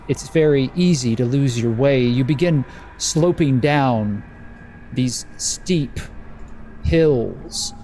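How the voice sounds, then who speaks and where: Mellow-voiced man narrating a horror game. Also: mid-range voice, a little hiss or hum. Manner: slow, atmospheric descriptive narration. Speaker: game master.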